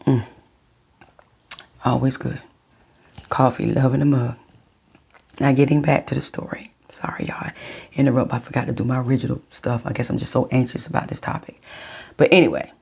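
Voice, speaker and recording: A middle-aged woman vlogging, telling her viewers a personal story in a chatty, unhurried way. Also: a bass voice, steady tone, creaky, a little mellow, husky.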